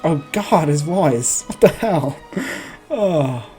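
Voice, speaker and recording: Mellow-voiced male game streamer. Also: on the high side, animated, slow pace, faint music behind. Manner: joking, thinks aloud while playing. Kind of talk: casual let's play commentary.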